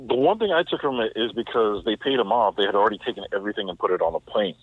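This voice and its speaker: Quick low-voiced man on a tinny line. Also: over a noisy crowd. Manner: quick, insistent, explains his take. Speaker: podcast co-host. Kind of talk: casual film discussion.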